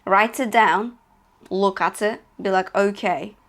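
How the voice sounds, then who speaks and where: A woman's voice: mid-range voice, takes it slowly, a bit bright. Woman, vocal coach, singing lesson, encouraging, frequent check-ins. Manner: encouraging, checks in with "okay?" and "yeah?"; demonstrates sung notes between spoken instructions.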